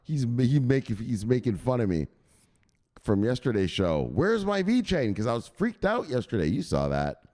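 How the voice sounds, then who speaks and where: A man's voice: fairly low pitch, very animated, normal speed. Hyped, swearing man hosting a crypto show. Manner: profane, hyped, shouts catchphrase "bang"; talks straight to viewers, gives shout-outs. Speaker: crypto news show host. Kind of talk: casual livestream commentary. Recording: echoey room with long reverb.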